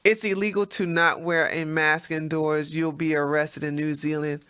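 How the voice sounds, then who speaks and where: A woman hosting a casual livestream, reading chat comments and telling animated stories with frequent laughs and repeated words. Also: low voice, moderate pace, hardly any pauses, clean tone.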